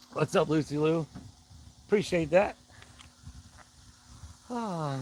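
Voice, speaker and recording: A man hosts a relaxed live stream, chatting loosely and calling out viewers one by one. His voice sits a little on the high side. A faint noise hangs behind him. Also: slow, rough recording. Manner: greets viewers by name, rambling and friendly. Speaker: livestream host. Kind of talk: casual live chat.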